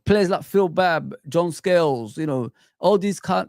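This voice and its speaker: A middle-aged football streamer talks unhurriedly in a fairly high, creaky, slightly mellow voice with lively intonation. He rants with passion in a casual style, posing rhetorical questions and speaking directly to his audience and chat. Studio-quality audio, no echo.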